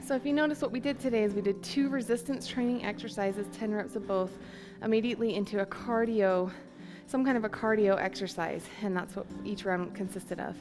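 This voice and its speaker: A woman's voice: medium pitch, brisk, hardly any pauses, over music, low-quality recording. A woman co-leading a home workout, upbeat and chatty, counting down the seconds. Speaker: fitness instructor. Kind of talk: workout coaching and explanation.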